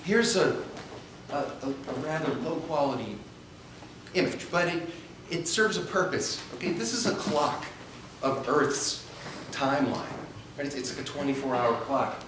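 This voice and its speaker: A man's voice: mid-range voice, lively intonation, measured pace. Male speaker in his thirties giving a chatty chapel talk to a class, recorded from far off in a roomy hall with background noise. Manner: conversational, checks in with frequent "all right?" and "okay?". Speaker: speaker addressing students. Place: school chapel. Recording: echoey hall, distant mic, background noise.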